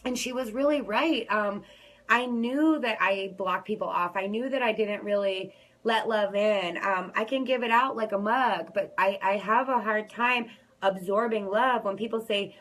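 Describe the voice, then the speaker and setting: A woman's voice: mid-range voice, moderate pace, fairly bright tone, low-quality recording. A woman vlogger telling a personal story straight to her viewers in a candid, rambling way.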